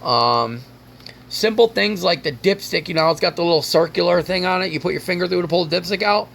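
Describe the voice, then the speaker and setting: Ranting man, fairly high voice. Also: a little fast, gravelly, fairly bright tone, slight background noise. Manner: ranting, rambling and frustrated; swears casually. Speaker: car vlogger. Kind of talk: casual vlog talk.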